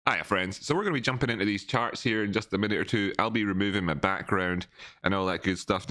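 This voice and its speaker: Bright-voiced playful man. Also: lowish voice, very animated, fairly quick. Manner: jokey, playful, rambling. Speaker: host of a live trading stream. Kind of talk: casual live-stream chat.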